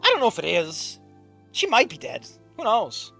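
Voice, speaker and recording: Casting: ranting game streamer, lively swings in pitch, bright and sharp, swears a lot. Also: normal speed, gravelly, faint music behind. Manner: exasperated, profane, ranting critique. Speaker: streamer reading a game aloud. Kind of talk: game playthrough commentary.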